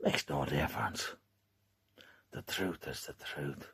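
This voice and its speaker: An Irish man delivering an angry, profane rant straight to camera, swinging between low hushed menace and shouting. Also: takes it slowly, breathy edge.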